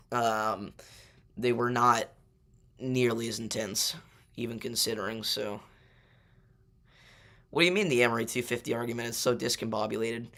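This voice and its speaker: Gravelly young man chatting on a livestream. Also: mid-range voice, a bit bright. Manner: loose and chatty, many fillers, argues weather takes. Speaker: livestream host. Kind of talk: casual livestream chat with viewers.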